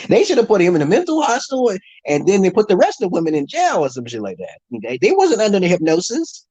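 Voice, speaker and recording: A man rants at his viewers in a rambling monologue, swearing freely and stumbling over restarts. His voice is mellow and slightly husky. His pitch swings widely from low mutters to sudden high bursts. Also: wildly swooping pitch, a little fast, poor audio. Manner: ranting, heavy swearing, many restarts. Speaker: channel host.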